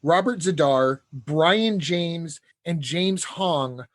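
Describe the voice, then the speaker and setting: A man from California co-hosting a movie podcast, joking wryly with quick quips. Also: on the high side, dry recording, clean studio sound. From Redlands, California. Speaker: podcast co-host. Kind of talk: casual movie podcast chat.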